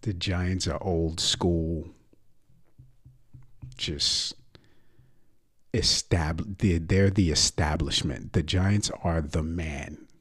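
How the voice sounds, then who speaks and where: A man's voice: low-pitched, fairly even intonation, drawn-out words, long pauses, slightly rough. A young man ranting about sports on a podcast, brash, profane and mocking.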